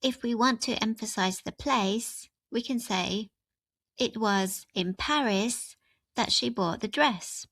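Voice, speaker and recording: Slow, clear woman teaching grammar. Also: on the high side, a bit bright, dry recording. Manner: clear, step-by-step explaining with example sentences. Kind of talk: scripted grammar lesson.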